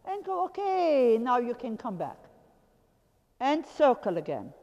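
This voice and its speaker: A woman's voice: on the high side, wildly swooping pitch, a little slow, dark tone, muffled recording. Woman calling out riding commands. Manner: commanding, repetitive short calls, occasional laughs. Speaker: riding instructor. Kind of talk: coaching a rider from the arena floor. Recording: long hall reverb.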